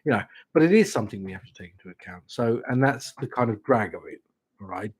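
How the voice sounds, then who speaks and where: A man hosting a live-streamed tarot reading, talking gently and reassuringly and checking in with the listener as he goes. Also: medium pitch, animated, fast talker, breathy edge, no room sound. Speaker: tarot reader and stream host.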